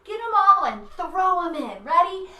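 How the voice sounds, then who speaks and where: A woman leading a children's yoga class, animated and playful, coaching in a sing-song way with sound effects. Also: very high voice, a little slow, distant mic. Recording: echoey room, away from mic, faint music.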